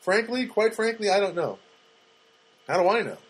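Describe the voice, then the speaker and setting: A middle-aged man hosting a podcast, rambling through a comic monologue with halting restarts and dry, self-mocking jokes. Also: sits high, sing-song, slightly rough, poor audio. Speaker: podcast host.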